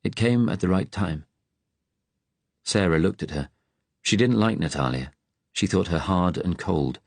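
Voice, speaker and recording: A man narrating an audiobook in a measured, even tone. His voice is very low and deep, recorded close in a dry, dead space. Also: creaky, dry recording.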